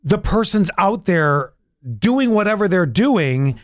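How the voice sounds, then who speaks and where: A man's voice: animated, takes it slowly, no room sound, studio quality. A middle-aged man co-hosting a podcast in casual chat, rambling and candid, full of restarts. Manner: candid, rambling storyteller with restarts and sudden pitch jumps. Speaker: podcast co-host.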